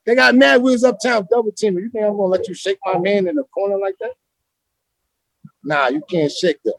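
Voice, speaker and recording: High-voiced New man telling stories. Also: a little fast, no room sound. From Brooklyn, New York. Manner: animated, slangy, rambling street talk. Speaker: interview guest, former street basketball player. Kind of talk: casual storytelling interview.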